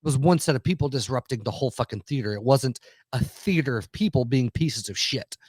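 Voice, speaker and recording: A man's voice: mid-range voice, animated, fairly quick, a little mellow, breathy edge, dry recording, clean studio sound. A man, telling a heated, profanity-laced story in casual podcast chat. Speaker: podcast co-host.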